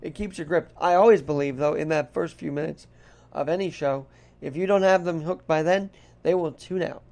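A podcast host talks alone in a put-on Irish brogue, drifting casually from one topic to the next. His voice sits a little high for a man and has a gravelly edge. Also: normal speed, a little mellow. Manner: rambling, chatty, jumps between topics. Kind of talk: casual solo podcast monologue.

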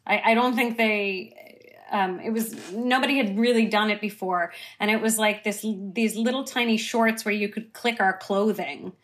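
A woman's voice: medium pitch, moderate pace, fairly bright tone. A woman actress being interviewed, chatty and self-deprecating, often breaking into laughter. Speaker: actress guest. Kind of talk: conversational interview.

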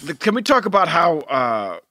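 A man in his forties chatting on a podcast, his pitch leaping around as he talks. His voice is bright and forceful, recorded dry and close. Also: normal speed, no echo. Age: 40s. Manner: animated, acts out quotes in voices. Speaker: podcast co-host. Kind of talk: casual chat.

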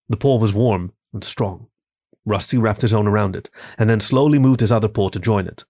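A man reading a story aloud as scripted narration, calm and even, giving the characters gentle voices. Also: lowish voice, brisk, no echo, studio quality. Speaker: story reader.

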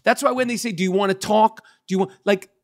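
A man in his fifties hosting a podcast, ranting loudly with lots of swearing in casual chat. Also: sits high, fast talker. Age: 50s. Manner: loud, profane and ranting. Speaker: podcast host.

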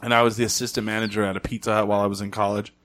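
A young man from New Mexico, chatting casually as a podcast co-host and telling animated stories with mimicked voices. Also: on the low side, rapid-fire. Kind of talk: casual chat.

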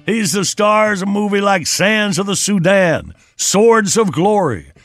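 Upbeat high-voiced male radio host. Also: expressive, measured pace, fairly bright tone. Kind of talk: morning radio comedy chat.

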